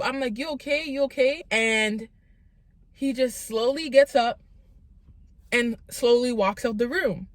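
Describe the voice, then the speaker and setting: A young woman tells a storytime vlog with lots of slang, constantly addressing her viewers. Her voice sits a bit high. The sound is dry and close, with no room echo. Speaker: vlogger.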